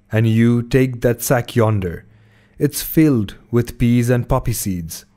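Old witch, menacing, greedy, slow, read by a man. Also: mid-range voice, darkish tone, close to an everyday voice. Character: fearsome old witch woman, greedy and threatening.

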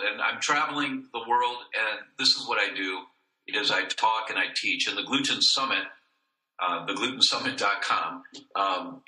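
A man telling a personal story as a podcast guest, earnest and acting out each voice in the dialogue. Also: pushed and bright. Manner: earnest, acts out the dialogue, rises and falls in pitch. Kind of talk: emotional storytelling in an interview. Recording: echoey room.

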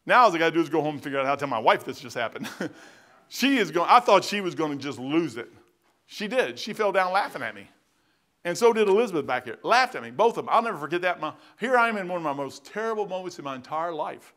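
A man's voice: on the high side, very animated, fast talker, fairly bright tone. A man preaching a sermon in a church as its pastor, telling stories in a folksy, plain-spoken way with bursts of emphasis. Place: church sanctuary.

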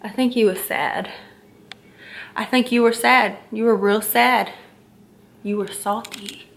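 A woman's voice: fairly high pitch, steady tone, a little slow, vocal fry. A young woman, teasing her boyfriend in a casual prank vlog and asking the same questions again and again. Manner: teasing, playful, repeats questions. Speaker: vlogger.

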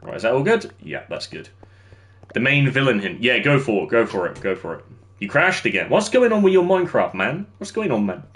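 A man's voice: mid-range voice, sing-song, brisk, a bit bright. A young man streaming a game, chatting with viewers while he builds and laughing easily. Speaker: livestreamer. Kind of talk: casual gameplay commentary.

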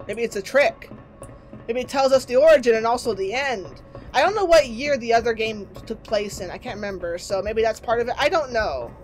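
Soft music plays under a fairly quick, animated, slightly high female voice. A game streamer, she delivers let's play commentary on a horror game, joking, swearing and reacting as she chats.

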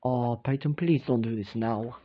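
Woman doing a flustered teen boy, voice dropped low. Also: moderate pace, highs cut off, very noisy. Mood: uneasy. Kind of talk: amateur dorm drama role-play.

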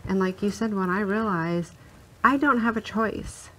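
A woman's voice: medium pitch, unhurried, fairly bright tone, low-quality recording. A woman on a Christian talk-show panel, speaking in a reflective, thoughtful way. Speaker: discussion panelist.

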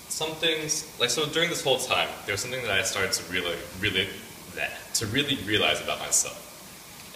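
Give me a young man with a deep voice giving a loose personal testimony, heard from far off in a reverberant hall with faint noise. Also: sharp tone. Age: young adult. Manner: casual, rambling, many fillers. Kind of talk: personal testimony to a campus fellowship group. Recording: echoey room picked up from a distance.

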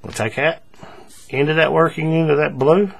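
A man giving a relaxed, step-by-step paracord crafting tutorial, talking through each move with frequent fillers and repeats. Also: on the high side, moderate pace, creaky.

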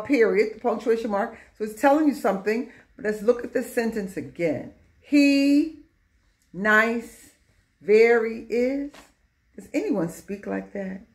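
A middle-aged woman teaching young children a lesson in a patient, sing-song way. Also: on the high side.

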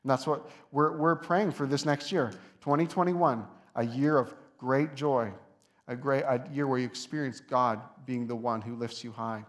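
A man's voice: mid-range voice, steady tone, moderate pace. Conversational man preaching a sermon. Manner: conversational, with soft asides and lifted emphasis. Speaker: lead pastor. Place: church sanctuary.

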